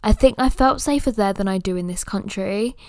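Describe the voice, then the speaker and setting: A woman's voice: mid-range voice, fairly quick, darkish tone, dry recording, clean studio sound. A woman in her early twenties hosting a casual solo podcast, rambling and tired, with lots of filler words. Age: early 20s. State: tired and yawning. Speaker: podcast host.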